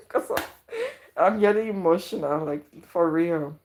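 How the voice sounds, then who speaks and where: A woman's voice: low-pitched, moderate pace, background noise. A woman livestreaming from her home kitchen, chatting casually and gushing thanks to her viewers. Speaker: YouTuber livestreaming.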